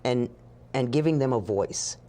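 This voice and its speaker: A woman telling a story as an interview guest, animated and acting out the voices of the people in it. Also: extremely low pitch, normal speed. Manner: animated, acts out dialogue with laughs.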